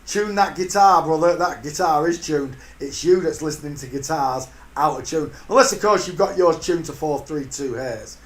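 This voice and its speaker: Older male livestream host, chatty and jokey, slightly high voice, echoey room. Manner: chatty, greets viewers by name with blessings; jokey, drops into sudden high silly voices. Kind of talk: casual live-stream chat. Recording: echoey room with faint hiss.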